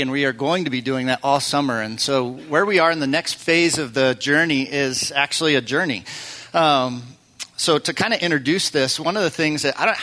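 A man's voice: on the high side, pushed and bright. A man preaching as pastor, telling stories in a loose, conversational way with fillers and restarts. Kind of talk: sermon.

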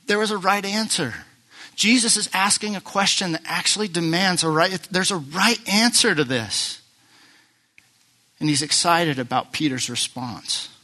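A man preaching a sermon, animated and playful, acting out the voices of the Bible figures he retells. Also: fairly high pitch. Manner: animated, acts out Bible voices, jokes with the crowd. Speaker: pastor.

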